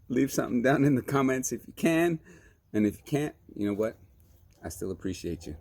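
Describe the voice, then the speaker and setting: A man's voice: mid-range voice, big pitch swings, moderate pace, gravelly, darkish tone, no echo. A man hosting a casual drink-tasting vlog, reading the can label aloud and joking playfully between sips. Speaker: beer review vlogger.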